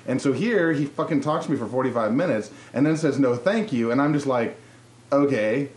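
A man's voice: mid-range voice, quick pace. A young man telling candid stories in casual podcast chat, laughing often. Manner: candid, laughing, animated storyteller. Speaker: podcast co-host. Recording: roomy echo.

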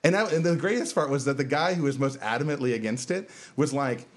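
A man telling weekend stories on a casual podcast. His pitch sits mid-range, and he acts out the people in his anecdotes, laughing through his own punchlines. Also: fast, crowd noise. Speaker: podcast host. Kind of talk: casual chat.

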